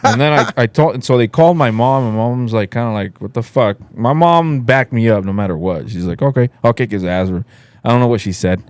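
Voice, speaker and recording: Young guy from mexico swearing his way through a story, mid pitch, dead dry room. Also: a little fast, dry recording. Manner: profane, animated storytelling. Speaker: podcast co-host. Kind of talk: casual chat, storytelling.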